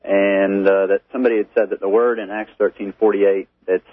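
A man's voice: lowish voice, little pitch movement, a little fast, no room sound. A man with a Texas accent, calling in to a radio show and asking an earnest question. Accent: Texan. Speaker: caller. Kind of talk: caller question. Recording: tinny phone line.

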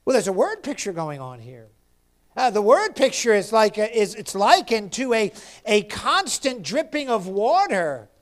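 A male pastor with a notably high voice delivers an impassioned sermon. He climbs to fervent cries, then sinks to near-whispered pleas to his listeners. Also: very animated, a little slow. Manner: impassioned preaching, rising to cries then dropping to hushed appeals.

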